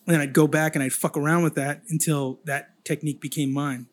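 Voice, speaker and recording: A man's voice: a little high, flat delivery, a little fast. A man chatting on a podcast as a guest artist, telling rambling, profane stories. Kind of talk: casual chat.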